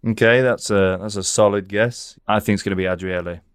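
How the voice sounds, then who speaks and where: Northern english guy cohosting a podcast, really low voice, dry close sound. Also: steady tone, brisk, clean tone, no echo. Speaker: podcast co-host. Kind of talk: casual podcast chat.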